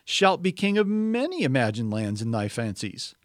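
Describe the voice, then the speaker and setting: A man reading a story aloud, voicing a soft, coaxing, half-mocking witch queen in a sweet, quiet voice. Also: mid-range voice, very animated, moderate pace, no echo, clean studio sound, lightly acted.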